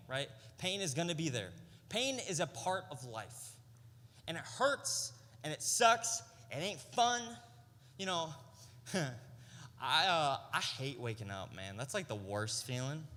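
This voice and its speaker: Animated young man preaching in a hall. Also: a little high. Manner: animated storytelling, casual slang, rhetorical "right?". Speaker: youth pastor. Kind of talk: youth sermon. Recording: long hall reverb.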